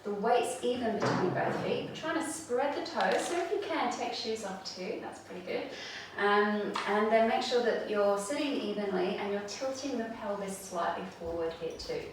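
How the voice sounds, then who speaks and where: Yoga teacher lady talking you through chair stretches, gentle and steady, voice bouncing round a big echoey room from far off. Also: medium pitch, moderate pace, background noise. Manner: calm, gentle cueing of breath and movement. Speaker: yoga instructor. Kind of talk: guided chair yoga instruction.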